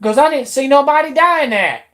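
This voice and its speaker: A woman's voice: high-pitched, animated, brisk. A woman, ranting angrily and swearing as a YouTube commentator. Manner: angry, profane, shouting in bursts. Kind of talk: angry political rant.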